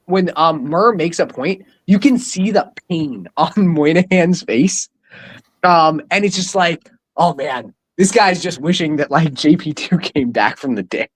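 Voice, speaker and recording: A man with a fairly high voice co-hosts a casual podcast and is a doctor. He rambles with lots of "like" and "you know," laughing often, and the audio quality is poor.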